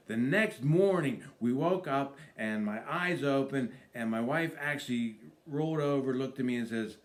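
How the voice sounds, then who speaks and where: A man, a comedian, telling an animated comic story to camera and acting out voices. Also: medium pitch. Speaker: stand-up comedian.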